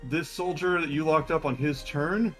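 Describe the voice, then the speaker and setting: A man's voice: fairly high pitch, moderate pace, faint music behind. Chatty man running a tabletop game. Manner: relaxed, chatty, many ums. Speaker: game master. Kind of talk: narrating a live-streamed tabletop game.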